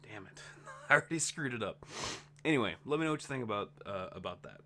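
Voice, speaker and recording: A man's voice: fairly low pitch, expressive, fast, bright, forceful tone, a little hiss or hum. Tired rambling male gaming vlogger. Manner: rambling, self-interrupting, chatty. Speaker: gaming channel host. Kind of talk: casual vlog update.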